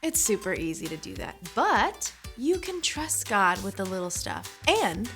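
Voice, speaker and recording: A woman's voice: mid-range voice, big pitch swings, unhurried, fairly bright tone, soft background music. A woman presenting a children's church lesson in an upbeat, encouraging way.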